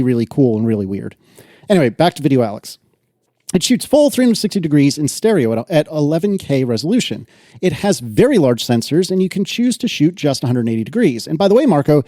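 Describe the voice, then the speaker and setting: Brief: male podcast co-host, animated pitch, dry close sound, reads mail with a grin. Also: no room sound. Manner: lively, laughs often, reads letters aloud. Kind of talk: casual tech podcast chat, reading listener mail.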